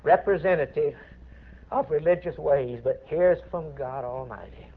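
A man preaching a sermon with impassioned swings between hushed words and rising emphasis. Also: a little high, measured pace, husky. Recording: tinny phone-like recording.

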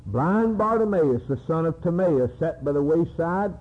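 A man's voice: fairly high pitch, expressive, moderate pace, slightly rough. A man preaching a sermon, reading scripture and acting out its cries with dramatic emphasis. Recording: tinny lo-fi phone-like recording.

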